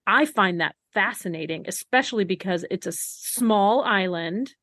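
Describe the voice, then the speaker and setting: Female podcast co-host, wry and measured, dry close recording. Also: mid-range voice, lively intonation, a bit bright, no room sound. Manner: wry, measured commentary, prone to laughing. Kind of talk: casual podcast chat.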